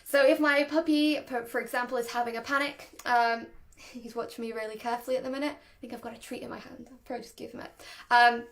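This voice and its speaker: A young woman explains handling a nervous dog in an easygoing, talkative way. Her voice sits high and bright in pitch, and she laughs easily between points. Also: steady tone, fast talker. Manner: chatty, laughs often, demonstrates voices. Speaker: dog trainer. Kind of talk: casual explanatory talk to camera.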